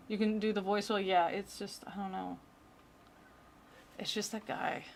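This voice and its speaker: A woman's voice: medium pitch, fairly even intonation, a little fast, gravelly, slight background noise. A woman streamer chatting casually and joking as she reacts to creepy videos. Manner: chatty, joking, rambling asides.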